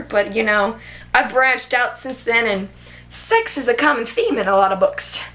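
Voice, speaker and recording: A woman's voice: fairly high pitch, animated, normal speed, pushed and bright. A young woman vlogger chatting casually about a movie she loved, gushing and filling her talk with "like". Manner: gushing, filler-heavy, many "like"s. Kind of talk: casual movie review chat.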